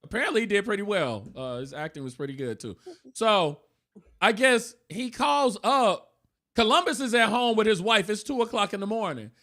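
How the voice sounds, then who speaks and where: High bright-voiced male gossip host. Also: normal speed. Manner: animated storyteller acting out voices. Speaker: podcast co-host. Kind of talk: casual gossip chat.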